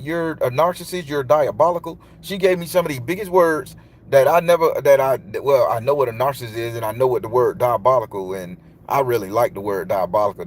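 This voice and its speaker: A man's voice: fairly low pitch, a little hiss or hum. A man, a tarot reader telling a long, loose, profane story in casual monologue. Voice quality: loose, profane, emphatic delivery.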